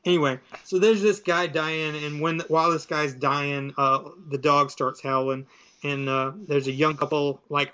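A man's voice: a little high, normal speed, clean tone. Man retelling comics, lo-fi sound. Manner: animated storyteller acting out voices. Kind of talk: casual chat retelling comic stories.

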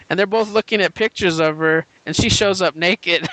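A man's voice: high voice, normal speed, fairly bright tone, no echo. A man co-hosting a casual podcast, retelling comic stories in a rambling, enthusiastic way with many fillers. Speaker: podcast co-host. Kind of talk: casual comic book chat.

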